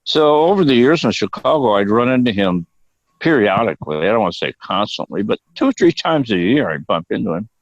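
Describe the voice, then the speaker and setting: Guesting in a casual storytelling interview, an older actor with a deep, low voice is very animated and brisk, rambling through curse-laden stories and frequent digressions. The recording sounds dry, close, dull and lo-fi, without echo.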